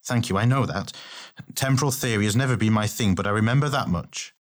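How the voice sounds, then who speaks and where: A man's voice: fairly low pitch, brisk, lightly acted. A man voicing a practical, frank male warrior who is a little impatient, in an audiobook. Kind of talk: audiobook character reading.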